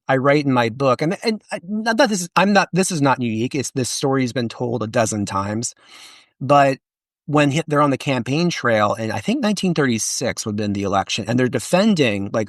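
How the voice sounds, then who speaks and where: A man, an author and historian, talking in a casual podcast interview, animated and chatty with many restarts and fillers. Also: medium pitch, no echo.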